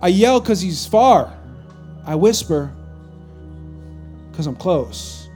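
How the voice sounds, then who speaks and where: A man preaching a sermon to his congregation, dropping to near-whispers and then rising to shouts, with call-and-response asides. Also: high-pitched, animated, slow, soft background music. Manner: swings between hushed near-whispers and loud shouts. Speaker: pastor. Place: church stage with a live congregation.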